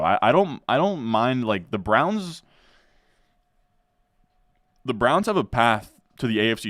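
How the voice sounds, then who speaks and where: Deep-voiced laid-back guy. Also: a bit bright, no echo, clean studio sound. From New Jersey. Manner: laid-back, says "dude" a lot, answers chat as he goes. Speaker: fantasy football streamer. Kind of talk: casual live-stream chat while drafting.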